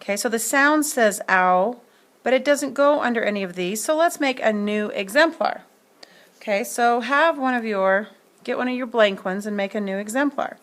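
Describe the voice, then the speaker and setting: A woman teaching a phonics lesson, sounding words out slowly and spelling them letter by letter. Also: on the high side, a bit bright.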